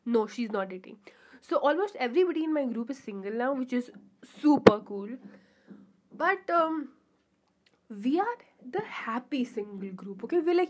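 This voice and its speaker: A woman's voice: fairly high pitch, animated, moderate pace. A young adult woman hosting a casual solo podcast, rambling and chatty with lots of fillers and giggly asides, in a pure-sounding voice. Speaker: podcast host.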